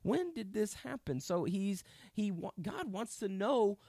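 A man teaching a Bible passage in a relaxed, chatty way, his slightly high voice rising and falling a lot as he explains. The sound is close and dry, with no room around it. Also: unhurried, no echo. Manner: conversational, animated, paraphrases scripture in everyday speech. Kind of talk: casual Bible study teaching.

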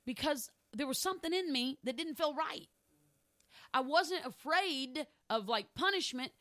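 Woman pastor, middle-aged, preaching with emphatic repetition; bright, somewhat high voice, dry sound. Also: lively intonation, a little slow, no echo. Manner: emphatic, repeats phrases for stress; candid personal storytelling. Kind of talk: sermon.

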